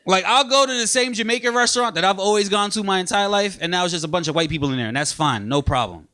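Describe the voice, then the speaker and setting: A man from Brooklyn, doing a stand-up comedy set on a club stage with punchy, animated delivery. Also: high-pitched, fast talker. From Brooklyn, New York.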